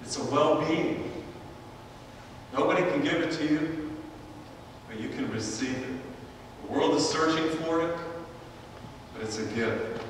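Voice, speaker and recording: Preaching priest in an echoey church. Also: male voice, a little high, a little hiss or hum. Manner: storytelling preacher, drawn-out emphatic phrases. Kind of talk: sermon. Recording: echoey church from a distant mic.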